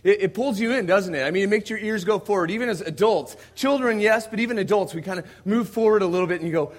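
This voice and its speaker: American male missionary preacher, slightly high voice, storytelling sermon that swells to emphatic volume. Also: fast talker, few pauses. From United States. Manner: conversational, swings from quiet asides to loud emphatic preaching. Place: church service before a congregation.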